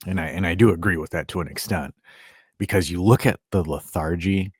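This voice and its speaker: A man hosting a casual sports podcast, animated and sarcastic, rambling with lots of "like". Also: low-pitched, fairly quick, breathy edge, no room sound, studio quality. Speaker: podcast host.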